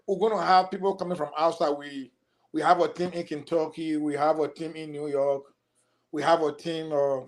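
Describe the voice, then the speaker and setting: Male campaign guest on a talk show, higher voice, runs through a list with fillers. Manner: listing points, many fillers.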